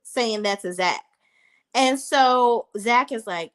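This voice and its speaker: Animated, chatty woman vlogger. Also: on the high side, slow. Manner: animated, chatty, addresses viewers directly. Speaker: reality TV reviewer. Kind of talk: casual recap vlog.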